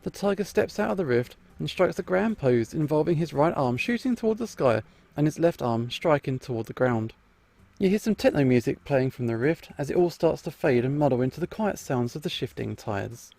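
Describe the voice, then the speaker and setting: A man's voice: fairly high pitch, expressive, fairly quick, vocal fry, a little mellow, no room sound. A man playing through a story game, reading the narration aloud with playful, amused asides. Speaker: game streamer. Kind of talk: reading a visual novel aloud with commentary.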